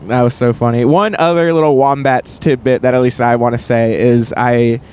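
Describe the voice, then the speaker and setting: A man's voice: medium pitch, steady tone, moderate pace, darkish tone, smooth. A man in a band chatting casually in a laid-back, jokey way, full of "yeah, yeah". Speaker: band member. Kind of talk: casual chat. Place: inside a moving van. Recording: faint road noise in a van.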